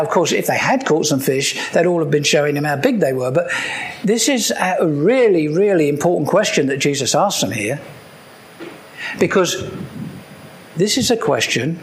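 A man's voice: on the high side, animated, moderate pace, slight background noise. A man preaching a sermon in a conversational way, with joking asides and repeated key points.

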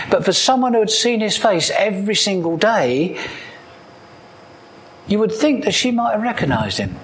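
A man preaching a sermon, animated and throwing rhetorical questions at his listeners. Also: fairly high pitch, a little hiss or hum, poor audio.

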